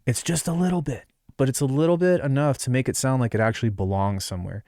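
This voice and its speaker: A man's voice: mid-range voice, fast. A man giving a casual music production tutorial, rambling and offhand, with many fillers and asides, on a close desk mic. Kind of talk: casual screen-recorded tutorial.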